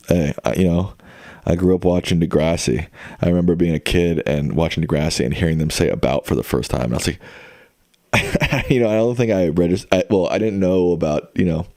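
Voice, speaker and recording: A man's voice: deep voice, a little mellow, no room sound, clean studio sound. A young adult man streaming and chatting casually with viewers in a rambling, laid-back way. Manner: rambling, laid-back, lots of fillers and restarts. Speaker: livestreamer. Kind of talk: casual chat.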